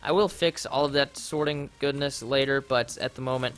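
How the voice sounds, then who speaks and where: A young man casually commenting on his game during a livestream, rambling and easily flustered, and often breaking into loud, panicked yelling. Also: medium pitch, moderate pace, a little hiss or hum. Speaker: livestreamer playing a modded block game.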